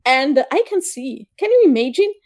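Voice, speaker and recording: A woman co-hosting a casual review podcast, explaining history slowly with many hesitant pauses. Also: high voice, big pitch swings, a little mellow. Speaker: podcast co-host.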